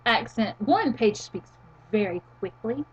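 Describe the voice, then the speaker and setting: A woman co-host in a casual wrestling chat talks with a raised, bouncy voice that leaps up and down as she gets excited. She laughs often and swears freely, with a faint hiss of noise behind her. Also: a little high, measured pace, dull audio. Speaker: podcast co-host. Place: college town in the US.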